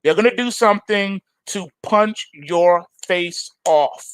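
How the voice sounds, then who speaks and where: A man's voice: sits high, takes it slowly, smooth, no echo. A male trading show host giving emphatic, slangy market commentary to his viewers, insistent and repetitive. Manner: animated and insistent, repeats phrases for emphasis; slangy, addresses viewers as folks.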